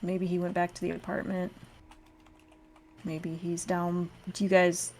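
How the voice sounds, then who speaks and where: A woman playing a tabletop role-playing game, easygoing and thinking out loud. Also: lowish voice, level tone, measured pace, slight background noise. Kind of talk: casual in-character play.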